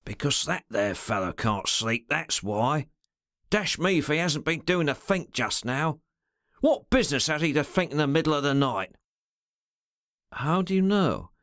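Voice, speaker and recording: A man's voice: fairly high pitch, lively intonation, unhurried, no room sound, studio quality, pitched above the performer's own voice. A man doing a snarling, scrappy henchman. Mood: insistent. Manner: soft purring with a snarling undertone; argumentative, coarse common speech. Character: rough loyal male henchman, fretful and scrappy.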